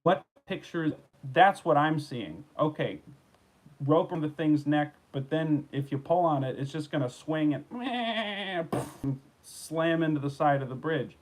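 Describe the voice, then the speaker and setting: A man's voice: on the high side, lively intonation, measured pace, low-quality recording. Rambling sarcastic man riffing on news. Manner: rambling, sarcastic, restarts and riffs on news he reads. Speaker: host. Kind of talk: solo comedic news rant.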